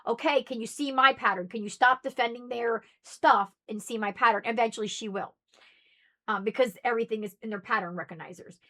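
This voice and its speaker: Rambling emphatic woman, fairly high voice. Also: fairly bright tone. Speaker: spiritual vlogger. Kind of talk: casual monologue to camera.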